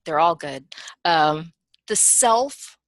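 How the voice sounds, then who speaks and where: A woman's voice: lowish voice, takes it slowly, dry recording. A woman teacher giving an informal webinar lesson, speaking in a punchy, emphatic way and chatting directly to her listeners. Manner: chatty and animated, addressing listeners as "you guys". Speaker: teacher and professional analyst.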